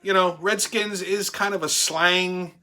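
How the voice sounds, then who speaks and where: A middle-aged man telling a story in a casual, profane, animated way, laughing as he talks. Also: high voice, measured pace. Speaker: show host.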